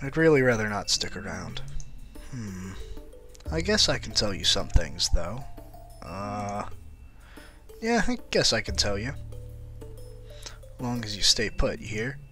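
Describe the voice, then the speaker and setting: Brief: man playing a blunt, tired young man, rough and wary, lively delivery. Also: lowish voice, a little slow, long pauses, faint music behind, pitched below the performer's own voice, heavily acted. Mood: grudging. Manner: rough, blunt working-class talk.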